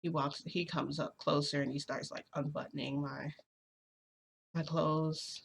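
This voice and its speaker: Creaky-voiced woman rambling through a story. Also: low-pitched, level tone, unhurried, slight background noise. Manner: rambling, filler-heavy, many restarts. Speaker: vlogger. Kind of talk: casual personal storytelling.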